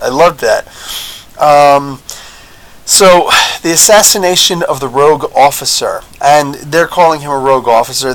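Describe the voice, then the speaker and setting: A man giving a casual, chatty review of a TV episode, excitable, with lots of fillers and frequent laughs. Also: medium pitch, poor audio. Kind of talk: casual video review commentary.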